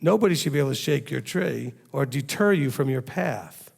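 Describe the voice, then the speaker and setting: Guy preaching a sermon, lots of creaky fry, keeps hitting the crowd w questions. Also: mid-range voice, lively intonation, moderate pace. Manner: emphatic, fires rhetorical questions at listeners. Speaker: rabbi teaching a congregation.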